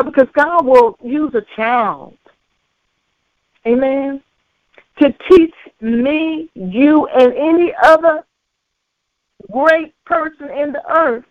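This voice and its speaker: Slow, tinny-sounding woman preaching. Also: on the high side, no room sound. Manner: slow, repetitive preaching punctuated by frequent amens. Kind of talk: sermon. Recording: tinny phone-like dry recording.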